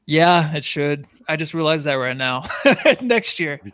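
A man's voice: a little high, expressive, unhurried, a bit bright, clean tone, no room sound, studio quality. A man co-hosting a sports podcast, laid-back and laughing along. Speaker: podcast co-host. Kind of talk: casual podcast chat.

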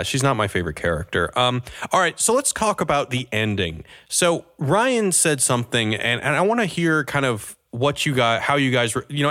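A man's voice: mid-range voice, sharp tone. Man, podcast host, casual film talk, asks around the table, skeptical. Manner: leads the round, asks opinions, skeptical. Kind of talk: casual movie discussion.

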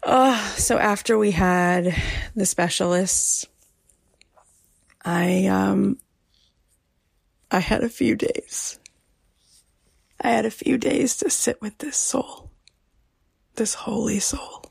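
A woman hosting a podcast, talking softly and emotionally, often dropping almost to a whisper. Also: mid-range voice, slow, creaky, pauses often, breathy edge, no room sound. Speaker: podcast host. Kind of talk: personal podcast monologue.

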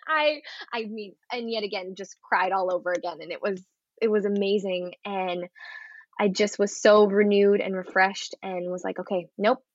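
A young woman, an actress, chatting in an interview and telling an earnest, animated story. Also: medium pitch, normal speed, no room sound, muffled recording. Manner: earnest, animated storytelling with acted quotes and laughs. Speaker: actress guest. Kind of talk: casual interview chat.

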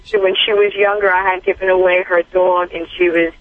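A man calling in to a radio show, speaking hesitantly with many pauses and fillers. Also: sits high, level tone, no echo. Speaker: caller. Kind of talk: phone-in call. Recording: tinny phone line.

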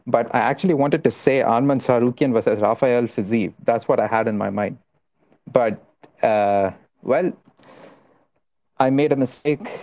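A man's voice: on the low side, a little mellow, dull audio. A man co-hosting a casual talk show remotely, speaking in a mock-dramatic, apologetic way.

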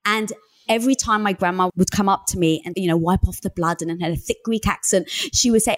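A woman with a London accent, a guest telling her story in an interview, candid and expressive. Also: medium pitch, brisk. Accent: London English. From England. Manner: expressive, laughs often, candid.

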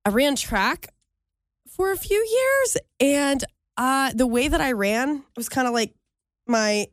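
A woman co-hosts a podcast, chatting casually and laughing often. Her high voice is animated yet slow-paced, captured in a dry, studio-quality recording.

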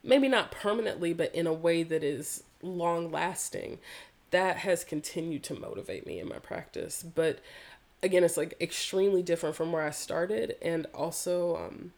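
A woman's voice: lowish voice, animated, moderate pace, vocal fry, a little mellow. A woman from the American South, telling a personal story in an interview, earnest and reflective, with casual swearing. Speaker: yoga practitioner guest.

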